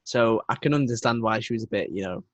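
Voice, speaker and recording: A man's voice: lowish voice, quick pace, fairly bright tone, dry recording, lo-fi sound. A young man, co-hosting a casual podcast chat in a chatty, enthusiastic way and laughing often. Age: young adult. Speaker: podcast co-host.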